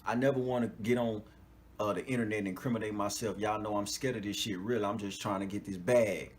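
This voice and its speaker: Quick-paced and fairly low-pitched, a podcast host rattles through a laid-back, swear-filled monologue. He's lively, laughs often, and keeps checking in with listeners: "you know what I'm talking about."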